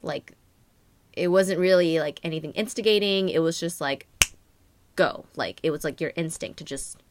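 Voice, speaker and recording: A woman's voice: sits low, moderate pace, slight background noise. A young woman giving a casual astrology and tarot reading, rambling and filling her talk with "like" and "um". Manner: rambling, many fillers and "like". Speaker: tarot reader.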